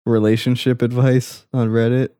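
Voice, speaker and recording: A man's voice: medium pitch, level tone, normal speed, warm tone, clear, resonant tone, no room sound, clean studio sound. A young man co-hosting a crude, casual podcast chat, laughing often and mocking posts he reads out. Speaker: podcast co-host.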